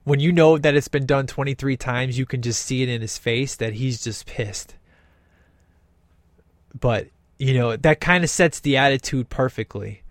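A man's voice: medium pitch, moderate pace, dry recording. Man, enthusiastic, slangy, movie commentary, dry sound. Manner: enthusiastic, emphatic, casual slang. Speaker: film commentator.

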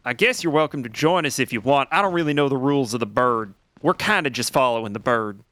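A man's voice: medium pitch, fast talker, fairly bright tone, lightly acted. A man voicing a friendly, rambling dead man who is marching to the afterlife in a fantasy game. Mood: offhand. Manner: loose, rambling, offhand.

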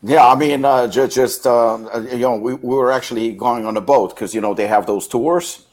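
Animated, swearing man telling a story. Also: mid-range voice, normal speed. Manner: animated storyteller, swears a lot, acts out quotes loudly. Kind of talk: casual chat.

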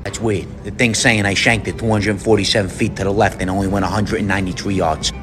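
A man's voice: lowish voice, level tone, quick pace, lightly acted. A man voicing a brash, profane guy at a golf simulator in a comedy sketch. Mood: blustering. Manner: blustery and profane. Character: brash loudmouth Italian-American man golfing.

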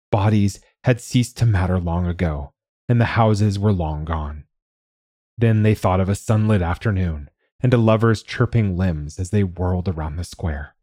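A man narrating a scripted story in a slow, measured reading. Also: low-pitched, dark tone, husky, no echo, clean studio sound. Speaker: narrator and host.

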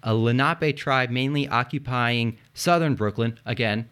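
A man's voice: medium pitch, measured pace, clean tone. A man hosting a casual history podcast, explaining events with jokes and swearing, spelling tricky names aloud. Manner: joking, swears, spells words out loud. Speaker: podcast host telling history.

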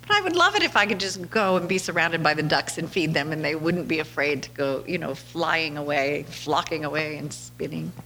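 A woman's voice: deep voice, fairly quick, hardly any pauses, sharp tone, a little hiss or hum. A woman hosting a podcast, telling casual stories in a chatty way, laughing often and acting out quotes. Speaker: podcast host. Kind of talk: casual storytelling monologue.

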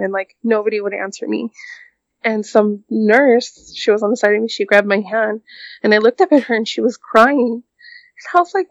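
A young woman recounting a deeply personal experience, talking haltingly with many fillers and restarts. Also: fairly even intonation, no echo, muffled recording. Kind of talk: emotional personal storytelling.

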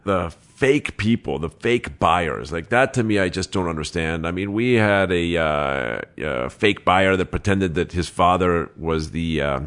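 A man who is a real estate agent, telling anecdotes in an interview, lively and laughing, quoting people as he goes. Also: low voice, a little slow, hardly any pauses. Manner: animated anecdotes with laughs and quoted dialogue. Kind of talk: interview storytelling.

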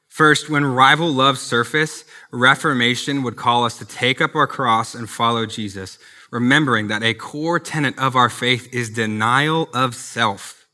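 A man's voice: medium pitch, sharp tone. A man preaching a sermon as a pastor, earnest and conversational, with personal asides.

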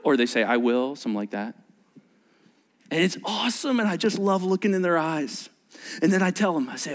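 A male pastor delivers a sermon at a fast pace, animatedly acting out wedding scenes. He drops into a hushed, low delivery for emphasis, and the sound is that of a big room.

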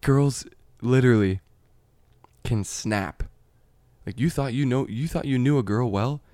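A man rambles through a casual chat, swearing freely and laughing at his own points. His pitch sits in an ordinary middle range. The recording is dry and close, with no room sound. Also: measured pace, mellow, dry recording.

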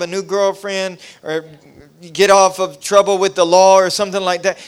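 Male pastor, revival preacher; smooth voice, impassioned delivery that climbs in intensity. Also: sits high, flat delivery, normal speed. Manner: impassioned, rising to near shouting; preacherly cadence with repetition. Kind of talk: revival sermon testimony.

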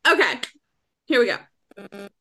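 Bright, gushing young woman podcaster. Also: medium pitch, lively intonation, slow pace. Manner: gushing, frank, laughs often. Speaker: podcast co-host. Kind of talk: casual book-club chat.

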